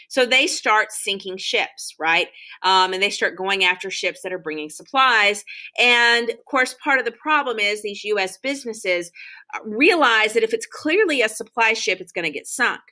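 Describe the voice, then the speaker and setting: A woman's voice: mid-range voice, expressive, moderate pace, pushed and bright. A woman teaching a history lecture in a loose, conversational way, with frequent ums and restarts. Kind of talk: classroom lecture.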